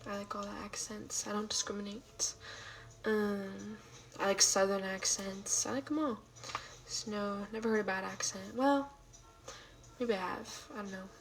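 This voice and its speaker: A woman hosting a casual livestream from home, rambling with lots of fillers as she answers chat, now and then dropping into soft half-whispered asides. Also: medium pitch, creaky, poor audio. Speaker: livestream host. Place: at home late at night.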